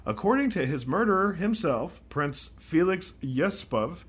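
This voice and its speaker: Lively man co-hosting a podcast. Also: fairly high pitch, moderate pace, breathy edge. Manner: animated, reads facts aloud with jokes and asides. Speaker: podcast co-host. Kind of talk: casual history podcast chat.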